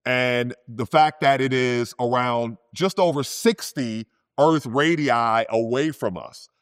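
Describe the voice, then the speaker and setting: A man, a physicist, telling science stories in a relaxed, conversational way, often adding "you know" and "right?". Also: medium pitch, slow, smooth, no room sound, studio quality. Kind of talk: storytelling science talk.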